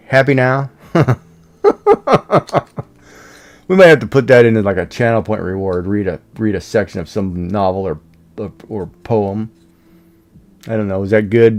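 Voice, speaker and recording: A man with a gravelly, darkish voice on the low side chats casually on a live stream. He rambles, restarting often and leaning heavily on "you know" fillers.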